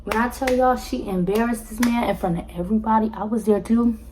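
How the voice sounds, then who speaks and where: A young woman telling a personal story to her viewers in a casual, animated way, talking to them directly and acting out what others said. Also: a little fast, noisy background. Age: young adult. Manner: animated, acts out quotes with jumps in pitch; addresses viewers directly as y'all. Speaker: storytime vlogger.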